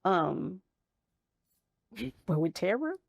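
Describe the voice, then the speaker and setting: Woman guest, candid and reflective, lower pitch with gravelly texture. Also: big pitch swings, extremely slow, no room sound. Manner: frank, reflective storytelling. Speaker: interview guest, mother. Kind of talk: candid conversational interview.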